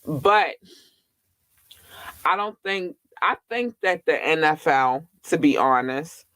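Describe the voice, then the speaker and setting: A man's voice: on the high side, animated, slow, pushed and bright, no echo. A man hosting a casual gossip podcast, chatty and candid, with slang and the odd swear word. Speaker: podcast host. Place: Baltimore.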